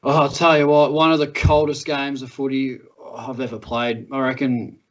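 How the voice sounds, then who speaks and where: A young Australian man in casual podcast chat, spinning laid-back yarns at a mid pitch. The audio is a little muffled and lo-fi. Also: little pitch movement, normal speed. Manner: laid-back storytelling, laughs through tales. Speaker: podcast co-host.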